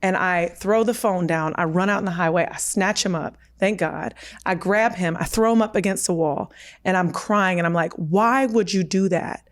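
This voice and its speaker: A woman's voice: fairly low pitch, moderate pace. Woman in her thirties telling a personal story. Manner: vivid, acts out quoted dialogue. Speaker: podcast guest.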